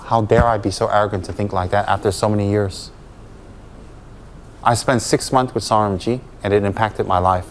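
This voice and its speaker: A man's voice: on the low side, fairly even intonation, moderate pace, slight background noise. A man, a Buddhist teacher, giving a dharma talk to students, emphatic and full of rhetorical questions.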